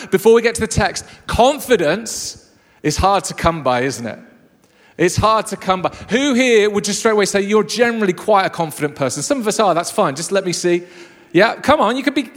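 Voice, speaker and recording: A man preaching a lively, jokey sermon to a live congregation. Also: high-pitched. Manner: enthusiastic, jokey storyteller. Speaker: pastor. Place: church hall with a live congregation. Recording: long reverb of a large hall.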